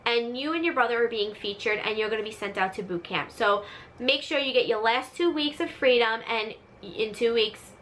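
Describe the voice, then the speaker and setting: A woman imitating her stern, fed-up mother, speaking firmly and deliberately. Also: on the high side, fairly bright tone, slight background noise, close to an everyday voice. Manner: firm, deliberate, no-nonsense. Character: stern fed-up mother, firm and matter-of-fact.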